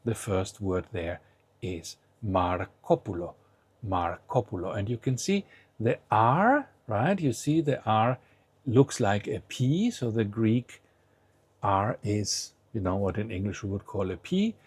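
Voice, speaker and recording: A man with a husky, slightly rough voice, explaining a lesson in a patient, step-by-step way. He keeps pausing to invite the listener to try each word aloud first. The sound is dry and close, with no room around it. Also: fairly low pitch, big pitch swings, no echo. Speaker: language teacher.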